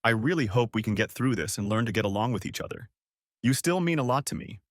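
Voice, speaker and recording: A man voicing a soft-spoken middle-aged wife in an audiobook story, narrating and pleading in a gentle manner. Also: mid-range voice, expressive, fast talker, no room sound, clean studio sound, lightly acted.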